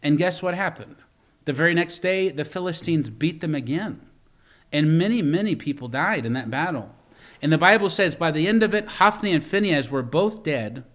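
A man's voice: fairly high pitch, expressive, normal speed. A man preaching a sermon as pastor, retelling a story and then speaking directly to parents, often repeating words and restarting lines. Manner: storytelling preacher, swings from loud emphasis to quiet asides.

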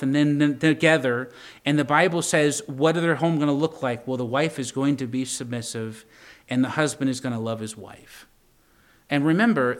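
A man's voice: fairly high pitch, a bit bright. A young adult man preaching a sermon, talking conversationally and asking the congregation for an amen. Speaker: pastor.

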